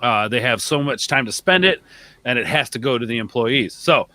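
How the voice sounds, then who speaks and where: Bright-voiced rambling podcast guy. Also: mid-range voice, expressive, moderate pace, no echo, rough recording. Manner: rambling, filler-heavy, calls everyone man and bro. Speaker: podcast co-host. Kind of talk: casual podcast chat.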